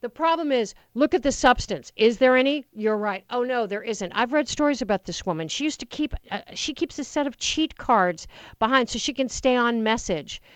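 On political call-in talk radio, a woman filling in as host speaks at normal speed in an animated, higher voice. The studio microphone captures no echo, and her passionate, rambling delivery has her restarting sentences often.

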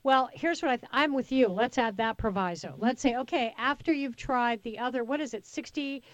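A woman hosts a radio talk show and chats away with real enthusiasm. Her voice sits a bit high and sounds close and dry on the studio mic. She throws in quick asides as she goes. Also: no room sound, low-quality recording. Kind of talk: talk radio chat with callers. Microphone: studio microphone.

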